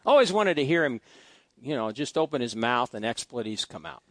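A man's voice: medium pitch, very animated, brisk, dry recording. Folksy male preacher telling stories. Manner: folksy, anecdotal, swings between loud asides and quiet musing. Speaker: pastor. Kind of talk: storytelling sermon. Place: church sanctuary.

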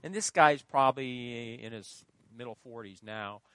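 A man's voice: medium pitch, normal speed, a bit bright, smooth, dry recording. A middle-aged male pastor preaching a sermon with emphasis, prompting the congregation to call out the missing words. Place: church.

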